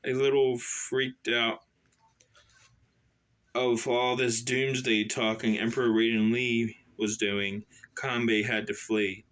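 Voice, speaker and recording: A man reads his own novel aloud, casually and slowly. He often corrects himself and breaks off to make chatty asides. His voice has a bright, pointed timbre. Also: mid-range voice. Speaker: author reading his novel.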